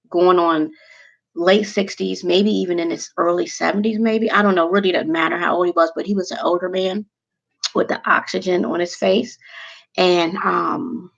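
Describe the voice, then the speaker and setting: A woman's voice: on the low side, creaky, slightly rough, muffled recording. A woman vlogger chatting casually and emotionally to her viewers, rambling from one thing to the next.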